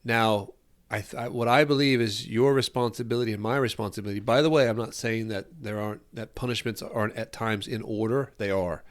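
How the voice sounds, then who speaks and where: A man's voice: fairly low pitch, steady tone, brisk. Earnest rambling man talking parenting. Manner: earnest, rambling, repeats phrases while searching for words. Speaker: podcast host. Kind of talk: unscripted solo talk on parenting.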